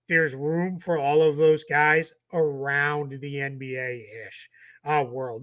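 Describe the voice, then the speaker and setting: A tired-sounding man with a Boston accent co-hosts a casual sports podcast, his voice a little high with a sharp edge. He's chatty and rambles through his points, often restarting.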